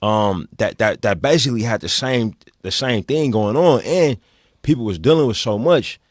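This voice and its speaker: A man's voice: mid-range voice, expressive, moderate pace, no echo. A man with a thick Oakland accent, talking casually as a guest and stumbling over repeated words, often saying "you know what I mean.". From Oakland, California. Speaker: guest speaker. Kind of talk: clip of a casual panel talk.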